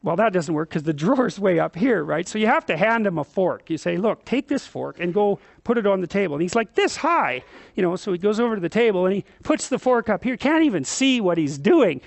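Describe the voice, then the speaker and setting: A middle-aged man lecturing as a psychologist, telling stories in an animated, emphatic way and swearing casually. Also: high voice, a little fast, creaky, dry recording. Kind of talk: storytelling lecture.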